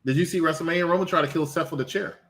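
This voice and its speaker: A man's voice: fairly high pitch, racing, fairly bright tone. A man co-hosting a casual wrestling chat, dry and stubbornly contrarian. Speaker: podcast co-host.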